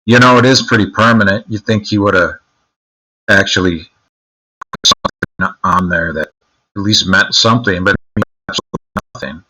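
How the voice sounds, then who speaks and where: A man's voice: on the low side, moderate pace, pushed and bright, poor audio. A man streaming live, chatting casually with his viewers in a crude, joking, mocking way.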